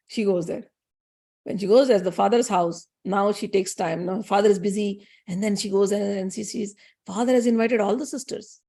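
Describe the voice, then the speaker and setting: A woman retelling a sacred legend in a chatty, animated way. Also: medium pitch, slightly rough. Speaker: storyteller. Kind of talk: casual scripture storytelling.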